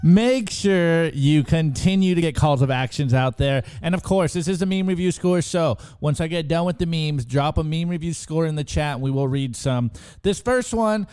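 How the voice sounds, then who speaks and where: Man, co-host, excitable, slangy, fairly high pitch, smooth resonant tone. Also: normal speed. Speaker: co-host reviewing memes. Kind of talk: casual show commentary.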